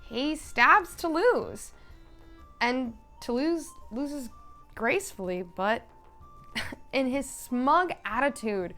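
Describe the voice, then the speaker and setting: A woman vlogger chatting casually and recapping a story in an animated way. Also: high voice, slow, long pauses, faint music behind. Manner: animated, chatty, full of fillers and laughs.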